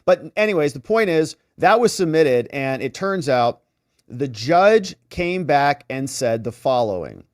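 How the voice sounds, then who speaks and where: Guy doing legal commentary, sarcastic, pitch bouncing all over, dry close sound. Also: unhurried, no room sound. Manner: animated, sarcastic, mimics reactions. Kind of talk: casual commentary.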